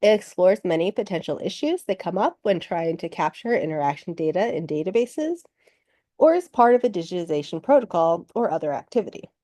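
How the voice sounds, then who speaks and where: A woman presenting slides in a webinar, explaining in a measured way, with a slight cough that makes her clear her throat. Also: on the low side, lively intonation, mellow, no room sound, studio quality.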